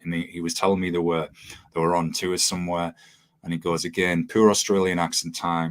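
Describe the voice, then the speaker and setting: A man hosting an interview, chatty and quick to laugh as he tells stories. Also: deep voice, level tone. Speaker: podcast host. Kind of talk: casual interview chat.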